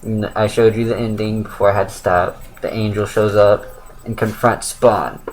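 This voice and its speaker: A man's voice: on the low side, little pitch movement, normal speed, a little hiss or hum, poor audio. Rambling young man reviewing comics. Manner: rambling, with many fillers and self-corrections. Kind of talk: casual spoken review.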